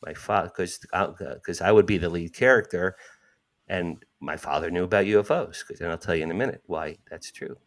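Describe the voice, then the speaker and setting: Appearing as an interview guest, a man tells a personal story at a fairly quick pace. He acts out quotes with sudden jumps in pitch.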